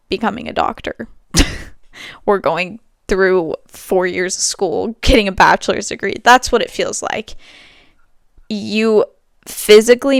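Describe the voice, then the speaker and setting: A woman's voice: mid-range voice, smooth, no echo, clean studio sound. A young woman hosting a podcast at home, talking candidly and rambling, with many fillers and frequent laughs. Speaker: podcast host. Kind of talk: casual monologue.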